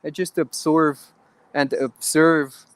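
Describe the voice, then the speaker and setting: A man's voice: fairly high pitch, level tone, slow, smooth. A man, an actor guest in an interview, talking earnestly with many restarts and halts. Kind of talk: interview conversation.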